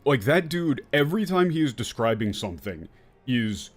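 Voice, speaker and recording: A gaming streamer commentates casually while he plays, rambling in an animated, profane way with many fillers and swearing. His medium-pitched voice moves at a moderate pace over faint music in the background.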